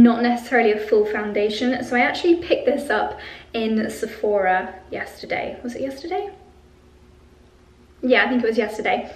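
A woman's voice: fairly high pitch, recorded from a distance. A young woman chatting enthusiastically through a sponsored beauty vlog in a hotel room, laughing often. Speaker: beauty vlogger. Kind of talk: casual sponsored makeup vlog. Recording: roomy, camera a little off.

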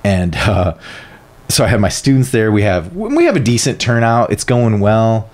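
A man who is an art professor, telling stories in a casual podcast interview with lively, animated delivery. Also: fairly low pitch, normal speed. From northern United States. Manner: animated, lively storyteller who acts out quotes. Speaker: guest, art professor and printmaker.

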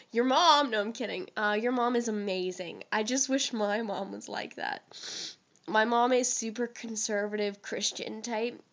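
A teenage girl who is sick and sounds rough, gushing and giggling in a rambling fan vlog recorded on her phone while sitting on a couch at home. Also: medium pitch, a bit bright. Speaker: vlogger. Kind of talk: casual fan vlog to camera. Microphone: phone held close.

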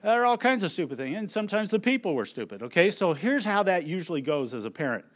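Middle-aged male speaker, fairly high voice, lively story-driven stage presentation. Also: fast. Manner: animated storyteller who acts out his family's lines. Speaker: conference speaker on children's ministry. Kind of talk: humorous presentation to an audience. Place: on a stage at a conference.

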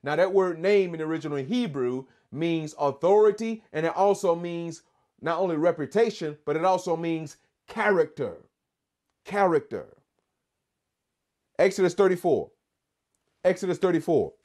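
A man's voice: a little high, animated, normal speed, long pauses, a little mellow. A man teaching a Bible study, reading scripture aloud and then preaching with growing fervor and call-and-response questions. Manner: reads scripture aloud, then rises to fervent, emphatic preaching; quizzes listeners with repeated "what?".

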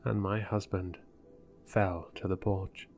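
A man narrating a horror story in a measured, deliberate way. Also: sits low, flat delivery, a little mellow, a little hiss or hum.

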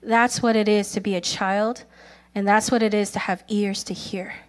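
A woman preaching a sermon, telling stories earnestly, calling for amens, and speaking quoted prayers softly. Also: mid-range voice, little pitch movement, moderate pace. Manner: earnest storytelling, calls for amens; acts out quoted prayers softly, at times in a whisper.

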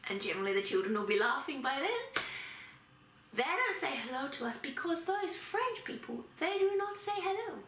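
A woman's voice: high voice, very animated, moderate pace, sharp tone. An Australian woman demonstrating a playful preschool activity, acting things out as if for small children. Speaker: early childhood language teacher. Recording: echoey room with faint noise.

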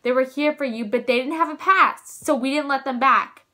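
A woman's voice: sits high, normal speed, voice pushed up. A young woman voicing a stern adult woman on school staff who scolds and threatens students. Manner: yelling, scolding.

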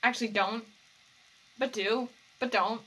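A woman's voice: a little high, fairly even intonation, unhurried, pushed and bright, faint music behind, rough recording. A woman doing anime reaction commentary as a YouTuber, talking back to the screen, swearing and pleading with the characters.

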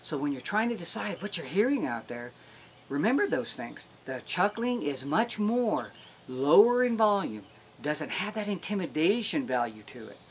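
A man's voice: a little high, very animated, moderate pace, slight background noise. Folksy man teaching elk calls. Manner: folksy, explains step by step. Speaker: elk calling instructor. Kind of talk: instructional demonstration.

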